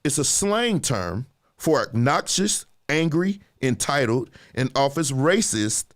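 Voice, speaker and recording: Lively male livestream host. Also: mid-range voice, slow pace. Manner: animated, conversational, quizzing the audience. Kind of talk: casual live discussion, reading viewer comments.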